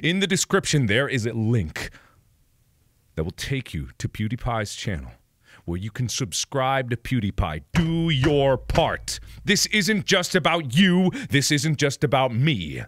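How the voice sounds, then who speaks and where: A man in his twenties giving a mock-solemn rallying monologue to camera, melodramatic and swinging between hushed and booming lines. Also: sing-song, unhurried, no room sound. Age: 20s. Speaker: video creator.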